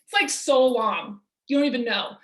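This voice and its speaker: A woman voicing an overwhelmed, stressed parent who complains loudly and sounds exasperated, in a roomy-sounding recording. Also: high voice, normal speed, lightly acted. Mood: whiny. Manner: whiny, exasperated, loud. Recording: roomy echo.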